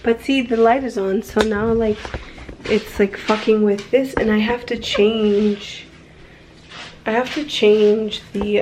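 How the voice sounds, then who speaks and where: A young woman talks candidly to her phone camera at home for a personal vlog, her medium-pitched voice steady and slow against a noisy background. She's frank and rambling, full of fillers and self-corrections, and swears casually as she goes.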